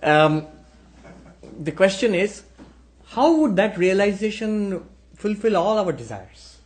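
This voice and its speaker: Man, storytelling talk, somewhat high voice, lively. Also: slow, pauses often. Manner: animated storyteller acting out characters. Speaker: spiritual speaker.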